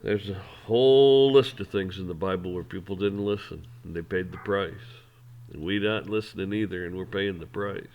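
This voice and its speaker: A man's voice: low-pitched, moderate pace, lo-fi sound, a little hiss or hum. A man hosting an opinion show, ranting in a blunt, heated, profane way. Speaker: host. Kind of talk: opinion rant.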